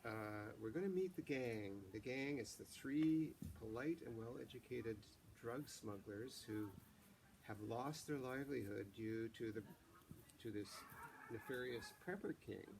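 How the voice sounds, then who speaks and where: A man, the author, chatting haltingly about his novel and then reading passages aloud. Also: medium pitch, vocal fry, darkish tone, slight background noise. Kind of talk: book reading and chat.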